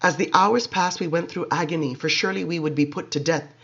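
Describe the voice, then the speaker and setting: A man giving expressive, measured dramatic audiobook narration, on a dull lo-fi recording. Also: fairly high pitch, vocal fry.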